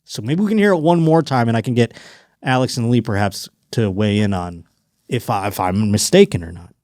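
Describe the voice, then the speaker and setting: A man hosting a comedic podcast alone, riffing in an animated, profane way and slipping into mock voices. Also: mid-range voice, a little fast, no echo, clean studio sound. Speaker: podcast host.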